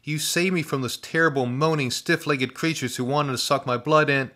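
A man voicing an excitable, chatty young boy who talks in high, eager bursts. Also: normal speed. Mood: excited. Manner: high, eager, breathless outbursts.

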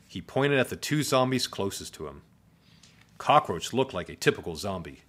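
Lively, expressive male storyteller. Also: fairly low pitch, moderate pace. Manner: expressive, playful. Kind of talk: storybook read-aloud.

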